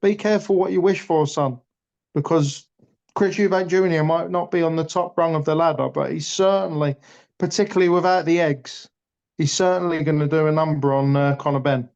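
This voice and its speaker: A man's voice: fairly high pitch, fairly even intonation, brisk, gravelly, darkish tone, smooth. A man chatting casually about boxing on a podcast, blunt and passionate, swearing freely. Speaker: boxing pundit. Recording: dull lo-fi audio.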